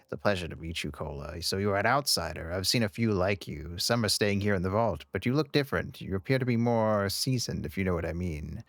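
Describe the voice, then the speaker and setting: Man playing a deep, gravelly scholar, measured and polite, dry sound. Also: lively intonation, no room sound. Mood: courteous. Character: calm, courteous male scholar, worldly and curious.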